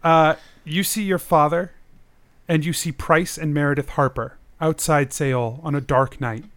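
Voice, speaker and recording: Man, game master, somewhat high voice, casual narration, lots of fillers. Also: steady tone, normal speed, a bit bright.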